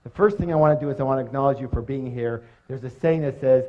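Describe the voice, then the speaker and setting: A man giving a motivational seminar talk, energetic and quizzing his audience with questions. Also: mid-range voice, fast talker, slight background noise. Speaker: seminar speaker. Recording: dull lo-fi recording.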